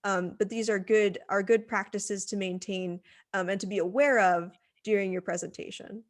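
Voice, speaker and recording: A woman's voice: medium pitch, fairly even intonation, moderate pace. A woman teaching presentation skills in a recorded lecture, conversational, with frequent fillers and restarts, speaking into a computer microphone. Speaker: writing center instructor.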